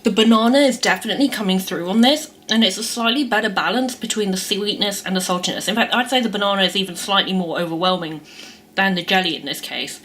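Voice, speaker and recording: A woman's voice: medium pitch, fast, a bit bright, slight background noise. A young woman chatting through a casual taste-test vlog, describing the food as she eats it. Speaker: food vlogger.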